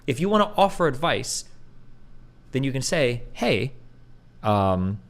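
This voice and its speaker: A man's voice: mid-range voice, animated, normal speed. A man in his thirties streaming, ranting bluntly and profanely to his chat, mocking others with put-on voices. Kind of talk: livestream rant to chat.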